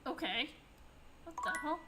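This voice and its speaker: A woman's voice: sits high, lively intonation, unhurried, loud music behind the voice. A woman streaming a video game, making sleepy, amused, casual comments while yawning.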